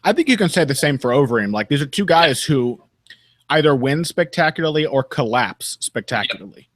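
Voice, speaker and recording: A man co-hosting a podcast in casual chat, measured and analytical, laughing often. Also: fairly high pitch, expressive, fairly bright tone, no echo. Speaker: podcast co-host. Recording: dry close podcast mic.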